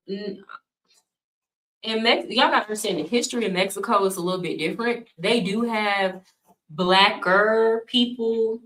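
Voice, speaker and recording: A woman's voice: medium pitch, a bit bright, far from the mic. A woman from the United States telling stories in a casual vlog, blunt, slangy and indignant. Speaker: vlogger. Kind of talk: casual storytelling rant. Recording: echoey room, voice a bit off-mic.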